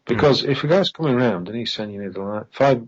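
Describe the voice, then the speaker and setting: A man's voice: medium pitch, animated, fast, husky. A man talking as a podcast guest in casual conversation, rambling and emphatic, firing off pointed questions. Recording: dull lo-fi online call audio.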